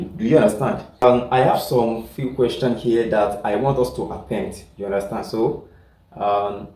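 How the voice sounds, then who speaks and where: A man's voice: mid-range voice, dark tone. A man teaching a class, often checking whether the students follow and repeating his points. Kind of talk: classroom lecture. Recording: echoey room, far from the mic.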